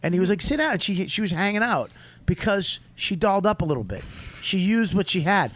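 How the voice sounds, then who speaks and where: A man hosts a comedy podcast with a lively, swooping voice pitched on the high side. He banters profanely and animatedly, laughing often between lines. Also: brisk.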